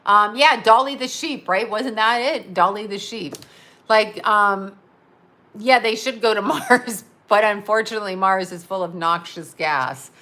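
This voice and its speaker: A woman's voice: mid-range voice, unhurried, pushed and bright. A middle-aged woman ranting to camera in a blunt, profane, rambling monologue, often cracking herself up. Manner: crude, rambling, laughing at her own jokes. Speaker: vlogger.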